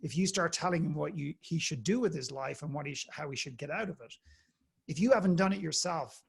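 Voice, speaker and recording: An Irish man, a guest speaker on a podcast, telling anecdotes in a lively way and acting out the people in them. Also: a little high, brisk, creaky, slightly rough. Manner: animated anecdote-telling, acts out the people in his story. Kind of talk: storytelling in a conversational interview.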